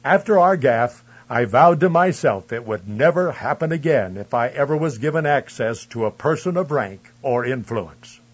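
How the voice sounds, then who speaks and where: A man reading a first-person memoir aloud in a measured, earnest storytelling manner. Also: medium pitch, animated, husky, highs cut off. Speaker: narrator. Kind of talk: scripted memoir narration.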